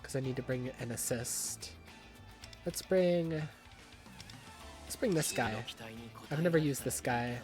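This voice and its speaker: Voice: medium pitch, slow pace, pauses often, music in the background. A livestreamer commenting on a game while playing, ranting in exasperated, swearing outbursts and repeating phrases over and over. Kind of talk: live gaming commentary.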